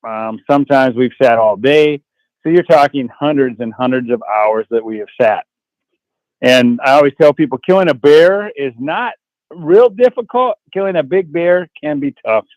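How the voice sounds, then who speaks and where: On a radio call-in, a man who appears as a guest on an outdoor adventure TV show tells hunting stories in a rambling, folksy way, often restarting his sentences. His voice is medium-pitched and darkish, at a normal speed. The recording is dry and low in quality.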